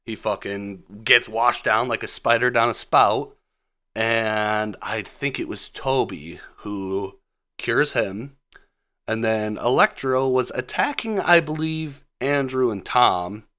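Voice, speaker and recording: A man's voice: mid-range voice, takes it slowly, sharp tone. A man casually recapping a film on his podcast, laid-back and full of swearing. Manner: profane, laid-back storytelling. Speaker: podcast host.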